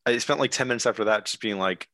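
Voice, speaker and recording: Low, bright-voiced hesitant man. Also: fast talker, no echo. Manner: hesitant, searches for words. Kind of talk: casual chat.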